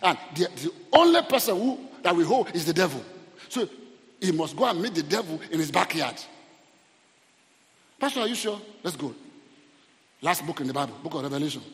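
A man preaching a sermon as pastor, animated, rising to shouts at the peaks and drawing responses from the congregation. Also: on the high side. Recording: long hall reverb.

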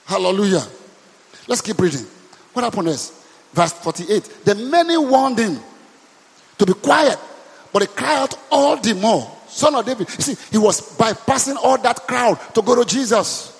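High-voiced Nigerian pastor preaching. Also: male voice, lively intonation, normal speed, creaky, husky, big-room sound. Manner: emphatic call-and-response preaching. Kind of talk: preaching a sermon.

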